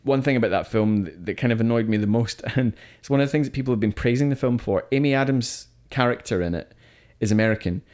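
A man's voice: mid-range voice, fast, few pauses, a little mellow. A man co-hosting a film podcast, talking in a chatty, opinionated way and often restarting his sentences. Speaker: podcast co-host reviewing films. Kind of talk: casual chat.

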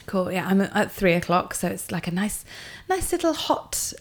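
A woman's voice: medium pitch, very animated, moderate pace. A woman comedian who is a guest on a podcast, chatting casually in a teasing way and laughing a lot.

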